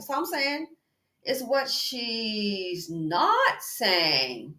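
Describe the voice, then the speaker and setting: A woman's voice: on the high side, very slow. A woman hosting a commentary channel, talking in an emphatic, chatty way and calling the listener "girl" and "baby". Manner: animated and emphatic, addresses viewer as "girl" and "baby". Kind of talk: casual commentary. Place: indoors, exercising while recording. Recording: echoey room.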